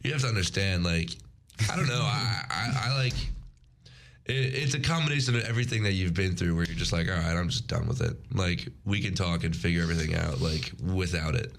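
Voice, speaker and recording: A young man with a very low voice and a gravelly edge, chatting on a college radio show. He rambles loosely and drops slang as he goes. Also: fairly quick, a bit bright. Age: young adult. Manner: laid-back, slangy, rambling. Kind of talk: casual chat.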